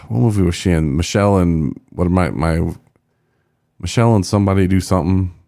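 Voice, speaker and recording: A man's voice: low-pitched, brisk, creaky, warm tone, dry recording, studio quality. A man co-hosting a podcast in casual, rambling chat, joking and trailing off as he goes through a list. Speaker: podcast co-host.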